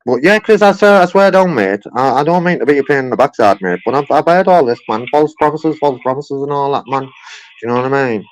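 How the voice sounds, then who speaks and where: A man's voice: medium pitch, expressive, quick pace, a little hiss or hum. A man on a phone call pressing a customer service agent over his complaint, repeating himself insistently and peppering his speech with "man" and "mate". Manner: insistent, repetitive, keeps saying "man" and "mate". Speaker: caller making a complaint.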